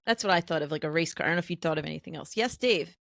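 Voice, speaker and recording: A middle-aged woman co-hosting a podcast in casual chat, bubbly and quick to laugh. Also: deep voice, creaky, fairly bright tone, dry recording. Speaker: podcast co-host.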